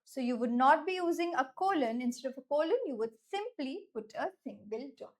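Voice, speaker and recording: High-voiced Indian English woman, clear and deliberate teacher read. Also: animated. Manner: clear, deliberate, slows down to stress key words. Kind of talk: instructional lesson.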